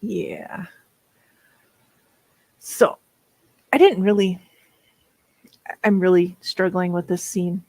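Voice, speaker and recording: A woman's voice: lowish voice, drawn-out words, vocal fry, long pauses, dark tone, no echo, rough recording. A woman in her fifties with a Minnesota accent, chatting casually and laughing often while hosting writing sprints. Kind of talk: casual livestream chat.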